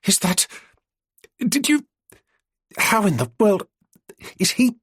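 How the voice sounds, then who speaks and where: A man's voice: a little high, animated, brisk, fairly bright tone, breathy edge, no room sound, studio quality, voice pushed up. A man doing an exasperated middle-aged woman. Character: exasperated middle-aged daughter, sharp-tongued.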